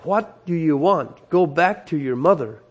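Preacher doing a gruff convict, snapping and harsh. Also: male voice, fairly high pitch, expressive, unhurried. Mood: angry. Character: gruff, savage male convict.

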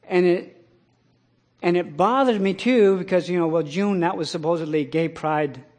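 A middle-aged man preaching a sermon, telling a personal story in a plain way and breaking into loud, impassioned scripture quotes. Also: high voice, moderate pace. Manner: rises to loud impassioned preaching, then drops to quiet storytelling.

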